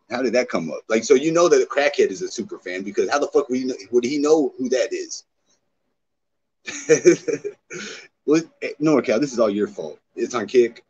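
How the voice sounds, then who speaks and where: A man livestreaming in casual chat, profane and excitable, reacting to his chat. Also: medium pitch, breathy edge. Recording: dull lo-fi stream audio, faint noise.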